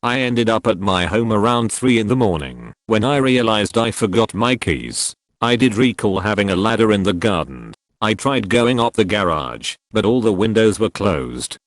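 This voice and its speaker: A man with a somewhat low voice reads out internet stories in a casual, deadpan way. The sound is close and dry, with no room around it. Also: normal speed, hardly any pauses, no room sound. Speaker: narrator reading online stories. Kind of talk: scripted narration.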